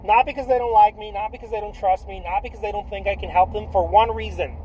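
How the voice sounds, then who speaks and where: A man coaching artists in a casual, blunt and profane pitch, repeating himself often with lots of restarts. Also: fairly even intonation, fast, dark tone, a little hiss or hum, poor audio. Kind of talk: casual direct-to-camera pitch.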